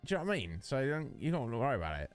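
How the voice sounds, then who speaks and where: Joking man, animated pitch. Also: rapid-fire, faint music behind. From United Kingdom. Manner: rambling, joking, answers chat by name. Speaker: Twitch streamer. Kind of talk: casual chat while streaming a game. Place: home streaming setup. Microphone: studio dynamic microphone.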